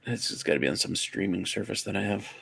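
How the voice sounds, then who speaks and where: Gravelly man rambling in casual chat. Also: deep voice, fast talker, no echo. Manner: rambling, searching for words, animated. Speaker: livestream co-host.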